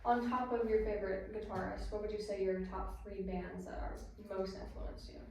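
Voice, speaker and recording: A woman's voice: medium pitch, steady tone, normal speed, a little mellow, a little hiss or hum. A woman hosting a casual podcast interview, asking questions with plenty of fillers. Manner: asks questions with many fillers. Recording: echoey room, distant mic.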